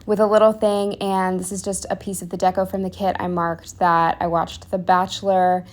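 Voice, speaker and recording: A woman's voice: fairly low pitch, little pitch movement, moderate pace. Rambling young woman doing a casual voiceover. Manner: rambling, self-deprecating, many fillers and restarts; drops to a whisper for asides. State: a bit out of breath. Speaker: planner vlogger.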